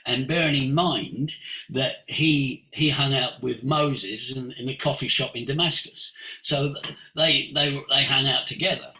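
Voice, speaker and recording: A man's voice: medium pitch, unhurried. A man, a voice coach, giving a passionate, preachy teaching talk over a video call. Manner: animated and preachy, sweeping emphasis. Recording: roomy echo.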